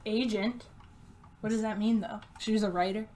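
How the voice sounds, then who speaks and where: A woman's voice: mid-range voice, fairly even intonation, dark tone, a little hiss or hum. A woman streaming a game, reading its text aloud and chatting casually, laughing often and tripping over unfamiliar names. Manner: giggly, reads slowly and stumbles on names.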